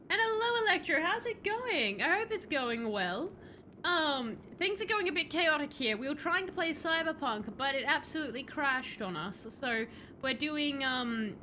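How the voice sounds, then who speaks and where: A woman's voice: sits high, lively intonation, moderate pace, sharp tone, a little hiss or hum, poor audio. A woman streaming a game, chatting with viewers and reading the game's lines aloud. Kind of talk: casual game streaming chat.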